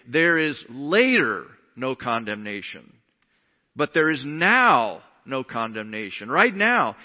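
A man preaching a sermon as pastor, emphatic, swinging between sudden loud rises and quiet drops. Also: medium pitch. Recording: dull sound with long hall reverb.

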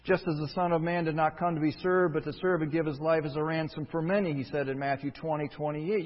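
A man preaching a sermon, emphatic, rising from quiet stretches to loud, forceful peaks. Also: on the high side, animated, a little fast, few pauses. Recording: dull, lo-fi with long hall reverb.

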